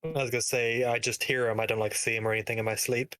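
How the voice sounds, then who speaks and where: A man playing a tabletop game, talking casually and haltingly with many uhs. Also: mid-range voice, little pitch movement, fairly bright tone. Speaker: player.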